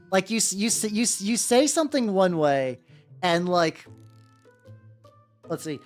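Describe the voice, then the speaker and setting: Running a relaxed livestream, this American miniature-painting VTuber greets chat and rambles as she paints, swearing freely. Her low voice swings widely in pitch, and soft background music plays underneath.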